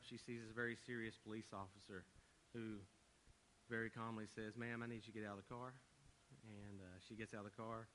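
A man's voice: mid-range voice, a bit bright, slight background noise, poor audio. A male pastor preaching a sermon, telling a story in a casual, joking way and asking earnest rhetorical questions.

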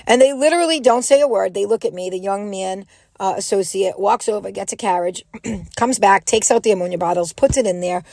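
A middle-aged woman telling a personal story in a casual, animated way, acting out what people said. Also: mid-range voice, brisk, gravelly, no room sound. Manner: animated, quotes people in raised voices.

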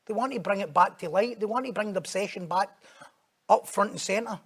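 A man delivering a sermon with a notably high-pitched voice for a man. He talks in a lively, conversational way and often jumps into loud, raised bursts of emphasis. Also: a little fast, husky. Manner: animated, acts out quoted voices, sudden loud high bursts. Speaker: preacher.

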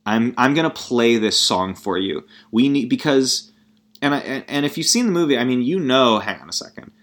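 A man's voice: medium pitch, expressive, moderate pace, fairly bright tone. A man ranting casually about a movie, rambling and profane, with sarcastic laughing asides. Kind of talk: casual comedic movie rant.

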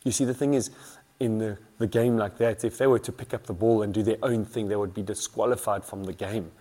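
A man's voice: lowish voice, fairly even intonation, brisk, mellow. A man preaching an earnest sermon as a pastor, building emphasis through repeated phrases.

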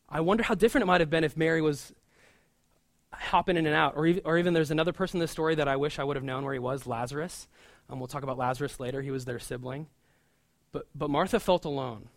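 Male pastor, animated conversational preaching, slightly high voice, dry close sound. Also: no echo. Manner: animated and chatty, with frequent asides. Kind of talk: conversational sermon.

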